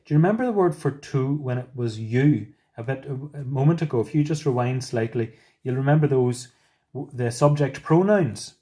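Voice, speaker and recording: A man teaching a Spanish lesson, explaining patiently step by step with gentle asides. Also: mid-range voice, normal speed. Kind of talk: recorded classroom lesson.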